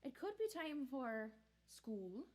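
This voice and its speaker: A woman's voice: high voice, big pitch swings, slow pace, a little mellow. A woman hosting a live-streamed variety show, chatting casually and bantering in a rambling way.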